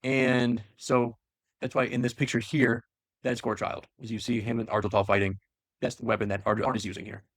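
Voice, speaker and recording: A man's voice: medium pitch, little pitch movement, brisk, dry recording, clean studio sound. A man casually retelling a story in a loose, rambling way with many fillers. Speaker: lore explainer. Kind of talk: casual lore chat.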